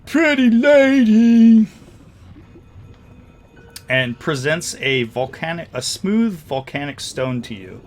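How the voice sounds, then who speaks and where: A man's voice: mid-range voice, expressive, measured pace, hardly any pauses, fairly bright tone, faint music behind. A man running a tabletop game as game master, narrating casually with lots of fillers.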